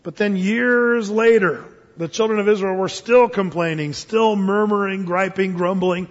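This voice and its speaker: A man preaching a sermon in an animated way, joking and acting out the voices of the people in his story. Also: high-pitched, measured pace. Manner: animated, laughing, acts out voices. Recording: dull sound in a reverberant hall.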